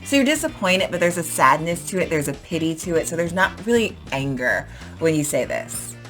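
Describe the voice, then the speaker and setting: Female online English teacher, relaxed and chatty, slightly low pitch, walks through examples. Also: brisk, faint music behind. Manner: chatty, explains with examples and fillers. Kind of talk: casual explanatory lesson.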